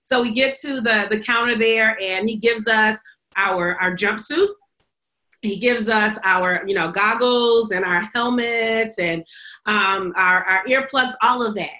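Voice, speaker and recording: A woman's voice: mid-range voice, unhurried, bright, forceful tone. A woman co-hosting a podcast, telling a story in casual chat, acting out quotes and laughing often. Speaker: podcast co-host.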